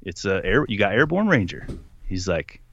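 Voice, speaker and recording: A young man telling a story in casual conversation, animated, putting on voices for the people he quotes and laughing often. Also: on the low side, normal speed, vocal fry, dull audio. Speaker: podcast guest.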